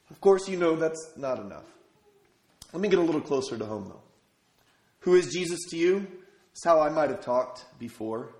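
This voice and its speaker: A man's voice: a little high, expressive, normal speed, a little mellow. A man from Minnesota preaching a sermon as pastor, telling stories conversationally and asking the congregation rhetorical questions. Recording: echoey room.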